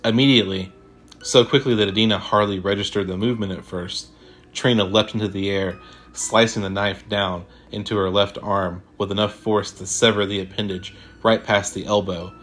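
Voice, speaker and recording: Low-voiced man narrating a horror story. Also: fairly even intonation, moderate pace, a bit bright, soft background music.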